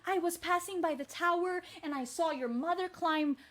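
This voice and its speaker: A woman's voice: normal speed, fairly bright tone. A woman doing an earnest young prince. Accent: Filipino. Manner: earnest, lowered voice.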